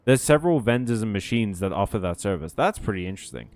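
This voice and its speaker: A man's voice: fairly low pitch, big pitch swings, fast talker, a little mellow. A man giving casual, profane, joking commentary while playing a game. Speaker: game streamer. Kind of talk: let's play commentary.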